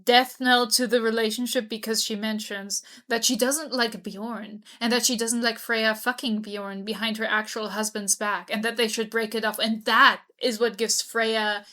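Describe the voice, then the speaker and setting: A woman's voice: on the high side, little pitch movement, normal speed, few pauses, bright, forceful tone. A woman co-hosting a casual book discussion podcast, blunt and sarcastic with casual swearing. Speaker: book club podcast co-host.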